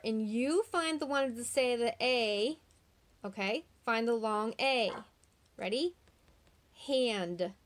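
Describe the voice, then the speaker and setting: Woman teacher doing a kids phonics lesson, slightly high voice, stretches out every sound nice and slow. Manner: slow, drawn-out sounding out of words; patient, encouraging questions to children. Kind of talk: online phonics lesson for young children.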